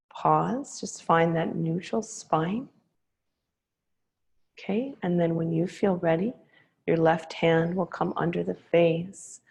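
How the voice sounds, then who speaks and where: Woman yoga teacher, really slow and soothing, kinda low gravelly voice. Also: low-quality recording. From Hawaii. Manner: slow, calm, soothing cues. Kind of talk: guiding a yoga class. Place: yoga studio.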